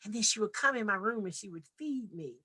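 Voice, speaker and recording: A woman's voice: mid-range voice, expressive, quick pace, sharp tone. A woman from Nashville giving an earnest, heartfelt personal testimony as a podcast guest. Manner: earnest, heartfelt, vivid retelling.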